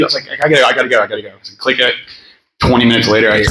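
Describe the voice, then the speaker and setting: At a memorial gathering in a room, a man in his thirties gives a rambling eulogy full of personal stories, fillers and laughter. His medium-pitched voice stays steady while he talks very fast. The room echoes, and there's background noise.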